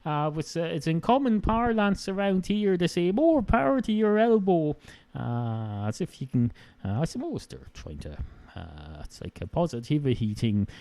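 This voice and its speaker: A man's voice: on the high side, sing-song, moderate pace, gravelly, warm tone, no echo. A man with an Irish accent hosting a solo podcast, rambling sardonically with many fillers. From Ireland. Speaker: podcast host.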